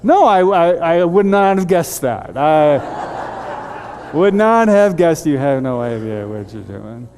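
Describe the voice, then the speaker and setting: A man preaching a storytelling sermon as a pastor, animated and halting with frequent restarts. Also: fairly high pitch.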